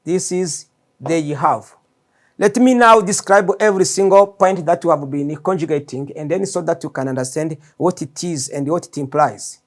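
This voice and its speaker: A man teaching his native Kinyarwanda in a slow, patient classroom lesson, repeating each word for learners to copy, with a Rwandan accent. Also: on the high side. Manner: repeats words slowly for learners. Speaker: language teacher.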